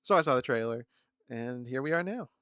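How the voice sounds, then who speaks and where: A man's voice: mid-range voice, lively intonation, a little fast, fairly bright tone, smooth. A man co-hosting a film podcast, chatting casually in brief, matter-of-fact remarks. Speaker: podcast co-host. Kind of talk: casual chat.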